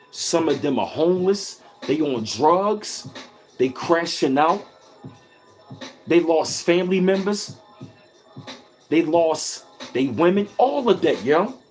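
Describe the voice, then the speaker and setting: A man's voice: on the high side, expressive, takes it slowly, pauses often, soft background music. A man hosting a casual livestream, talking emphatically and repetitively with heavy swearing, greeting chat viewers by name. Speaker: livestream host reading chat.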